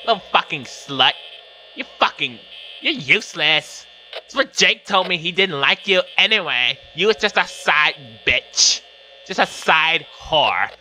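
A man's voice: a little high, lively intonation, measured pace, pushed and bright, slight background noise, full character voice. A man voicing a bratty, foul-mouthed young woman who taunts in a catty way. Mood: scornful.

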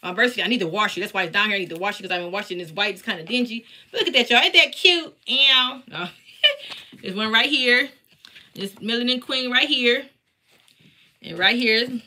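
A woman's voice: a little high, brisk, pushed and bright. A woman chatting casually on a live stream from her basement, talking straight to her viewers as she shows off her embroidered patches. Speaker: craft seller and teacher. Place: home basement.

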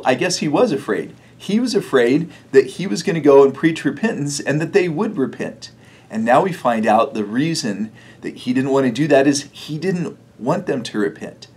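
A man's voice: mid-range voice, a little mellow, slightly rough. A man preaching a sermon in a church, telling the story in a conversational way and chuckling often. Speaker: pastor.

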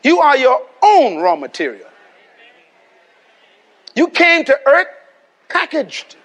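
Extremely high in pitch and bright, this Bahamian man's voice swoops wildly as he preaches slowly at a live service. Emphatic and repetitive, he keeps calling for the congregation's response and has them repeat his words.

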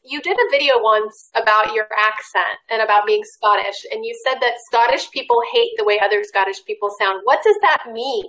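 A woman's voice: fairly high pitch, brisk, hardly any pauses, a bit bright, low-quality recording. A woman hosting an interview, asking questions in an upbeat, welcoming way and wrapping up the chat. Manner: upbeat, welcoming, wraps up smoothly. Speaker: television host, interviewer.

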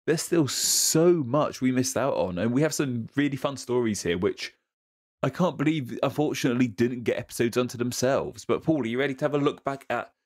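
A man co-hosts a casual history podcast. He talks in a relaxed, chatty way, with fillers and restarts. His pitch sits in the middle range for a man. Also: a little fast. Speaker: podcast co-host.

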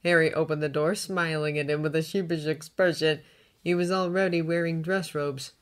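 A woman reading a fanfiction audiobook, narrating in a steady, even storytelling manner. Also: deep voice, normal speed. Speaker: reader.

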